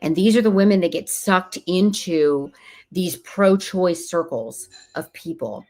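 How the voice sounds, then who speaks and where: A woman's voice: lowish voice, unhurried, darkish tone. A woman speaking as an interview guest, earnest and emphatic, sometimes acting out what other people say. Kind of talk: casual interview talk.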